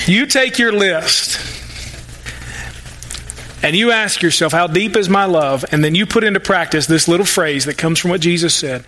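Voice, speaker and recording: A man's voice: high voice, sharp tone, slight background noise. A male pastor preaching a sermon, folksy and emphatic, with joking asides and mock-sarcastic quotes.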